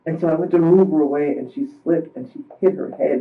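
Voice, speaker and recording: A distressed man under police questioning, halting and rambling through his story with many restarts. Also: fairly high pitch, gravelly. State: distressed, voice strained. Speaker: suspect in police interrogation. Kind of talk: recounting events under questioning. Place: police interview room. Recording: tinny, distant interrogation-room recording.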